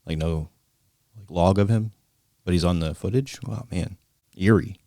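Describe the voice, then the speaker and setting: Deep-voiced male host, relaxed slangy reactions, dry close recording. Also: a little slow, dry recording. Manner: laid-back, lots of "man" and "dude". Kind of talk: casual reaction commentary.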